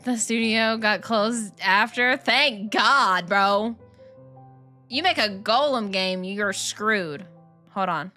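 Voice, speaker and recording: Young woman streamer ranting n laughing, slow bright voice, faint music in the back. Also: mid-range voice. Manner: animated, ranting, slangy, laughing. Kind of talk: casual chat while gaming.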